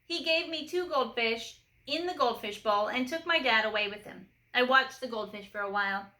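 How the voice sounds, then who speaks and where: A woman's voice: fairly high pitch, expressive, normal speed, sharp tone, echoey room. A woman reading a children's storybook aloud, shifting her voice for each character.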